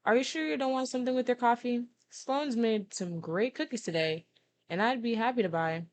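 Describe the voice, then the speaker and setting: औरत द्वारा बोला गया चहकता हुआ दोस्ताना किरदार. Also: female voice, fairly high pitch, fairly quick, pitched above the performer's own voice, close to an everyday voice. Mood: friendly.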